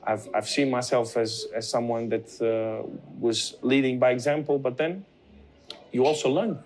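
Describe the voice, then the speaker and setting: A man, a professional footballer, answering interview questions in a measured, hesitant way with frequent restarts. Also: mid-range voice, fairly even intonation, darkish tone.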